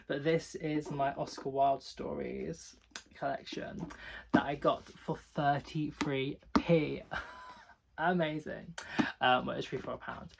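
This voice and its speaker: A man's voice: a little high, creaky, slight background noise. A man chatting casually through book reviews, rambling and filling his talk with "like". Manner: rambling, peppered with "like"; chatty and giggly. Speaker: book vlogger.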